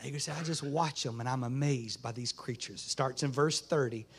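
A man's voice: medium pitch, fairly quick, slightly rough. A man, a pastor preaching a folksy sermon in a small church. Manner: folksy Southern preaching, rising to fervent shouts.

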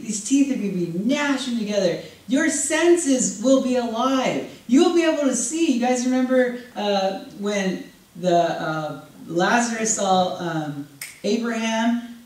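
A woman preaching a sermon to a congregation in a conversational, animated way, often acting out what people might say. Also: on the high side. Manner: animated, acts out quoted voices, conversational with congregation. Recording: echoey room, voice from far off.

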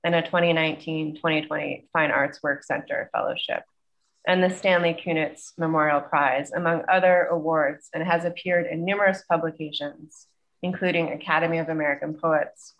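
A woman's voice: deep voice, normal speed, creaky, highs cut off. A woman facilitator reading a polite, earnest introduction of a guest speaker over a video call. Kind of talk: scripted introduction.

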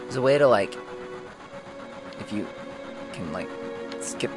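A man's voice: fairly low pitch, animated, slow. A man giving casual, rambling commentary while playing a video game. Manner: rambling, offhand, muttered asides. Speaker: gamer, let's player. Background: game music.

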